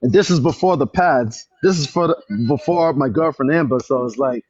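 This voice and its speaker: A man in a library venting on a phone livestream, telling a story with lots of repetition and getting loud when upset. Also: mid-range voice, moderate pace, husky, no room sound, dull audio. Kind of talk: casual livestream chat. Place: public library.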